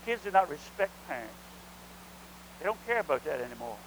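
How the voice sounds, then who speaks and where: Higher-voiced middle-aged man preaching. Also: sing-song, fairly quick, a bit bright, slight background noise, poor audio. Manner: preaching with rhetorical questions and calls of amen. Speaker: pastor. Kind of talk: sermon.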